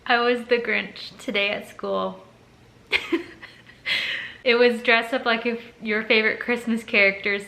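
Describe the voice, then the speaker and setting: A woman's voice: on the high side, bright, forceful tone. A woman who is a teacher, chatting casually to camera in a vlog, rambling and laughing often. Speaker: teacher and vlogger.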